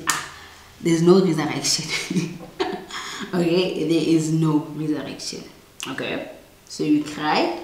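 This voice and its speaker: A young woman with a low voice talks straight to her viewers, blunt and emphatic in a chatty advice vlog. The sound is roomy, with a clear echo off the walls. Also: darkish tone. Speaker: vlogger giving relationship advice. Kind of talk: casual advice monologue to camera.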